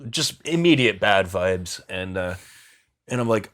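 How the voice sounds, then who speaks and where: Low-voiced man telling a rambling story. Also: moderate pace. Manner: rambling, filler-heavy, profane. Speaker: podcast guest. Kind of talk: casual storytelling in an interview.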